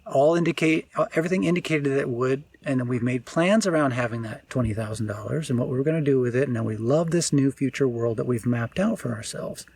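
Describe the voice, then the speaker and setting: A man, a spiritual teacher, giving an unscripted reflective talk, often pausing and restarting as he searches for words. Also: mid-range voice, slightly rough.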